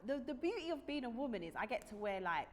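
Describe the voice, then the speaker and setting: A woman's voice: fairly high pitch, very animated, quick pace. Chatty woman interviewing a guest. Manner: chatty, playful, curious questions. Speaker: talk show host. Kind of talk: casual interview chat.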